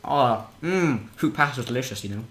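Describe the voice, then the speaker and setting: A man's voice: medium pitch, expressive, a little fast, fairly bright tone. A man from England rambling and joking through gameplay as a podcast co-host, swearing often. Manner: rambling, silly, swears a lot. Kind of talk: joking gameplay chat in character. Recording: echoey room with faint noise.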